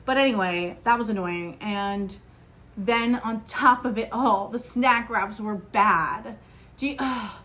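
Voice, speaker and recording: A young woman hosting a podcast, telling a story in a chatty, animated way with lots of fillers. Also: medium pitch, takes it slowly. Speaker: podcast host. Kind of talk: casual solo podcast chat.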